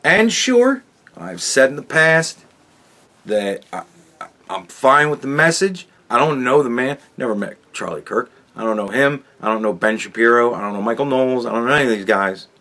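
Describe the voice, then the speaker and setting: A man's voice: medium pitch, animated, moderate pace, bright, forceful tone. A man hosting his own commentary show, talking bluntly with lots of swearing and frequent restarts. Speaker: podcast host. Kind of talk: casual commentary monologue.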